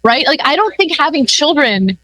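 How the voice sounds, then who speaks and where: Woman in a debate clip, earnest, high-pitched, dry close sound. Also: big pitch swings, normal speed, bright, forceful tone, no room sound, rough recording.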